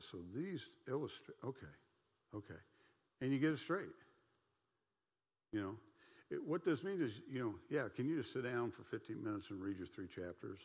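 A middle-aged man teaches a Bible study class in a folksy, animated, conversational style, throwing in quick asides and playful mock voices. His voice runs low and sounds as if he's in a large hall.

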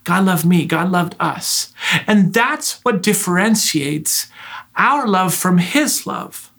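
A man's voice: sits high, animated, takes it slowly, fairly bright tone. A man preaching a sermon, earnest and direct, asking his listeners rhetorical questions.

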